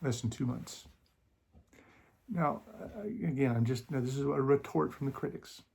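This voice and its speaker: A man talks straight to camera for his channel, his voice gravelly with a husky, rough edge. He argues against critics in a sarcastic, mocking tone and breaks off to cough now and then. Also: mid-range voice, normal speed, darkish tone. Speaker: YouTube channel host. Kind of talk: casual commentary.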